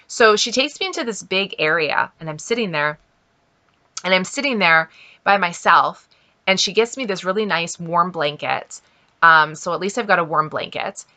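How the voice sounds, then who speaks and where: A woman's voice: fairly low pitch, pushed and bright. A middle-aged woman from Canada, chatting casually as a vlogger and telling a story with lots of fillers and quoted asides.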